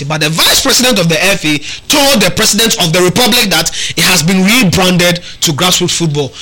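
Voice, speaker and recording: A man's voice: high voice, brisk, few pauses, pushed and bright, rough recording. A man, co-hosting a sports talk show and arguing his points emphatically, often repeating words. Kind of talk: animated radio sports debate.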